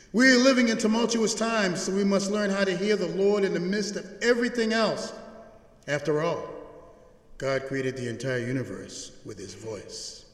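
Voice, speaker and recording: A man delivers a sermon in a large church, his fairly high voice rising to emphatic peaks and falling to hushed lows. His preaching has a rhythmic call-and-response pull, and the sound rings out with a long, roomy reverb. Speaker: pastor. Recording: echoey church hall.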